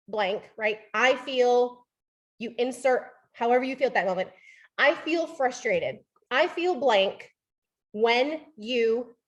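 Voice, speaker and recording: A woman in her thirties giving a motivational training talk, animated, acting out quoted voices and often asking "right?". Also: a little high.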